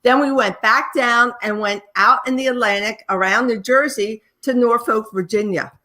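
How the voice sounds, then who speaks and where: A woman's voice: a little high, moderate pace, sharp tone. A woman as an interview guest, chiming in cheerfully about a trip. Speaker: guest author. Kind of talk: casual interview chat.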